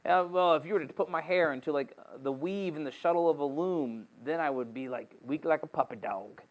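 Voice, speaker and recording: A man's voice: on the high side, brisk, close to an everyday voice, poor audio. A man voicing a boastful strongman hero in a casual, offhand way while retelling a story. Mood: teasing.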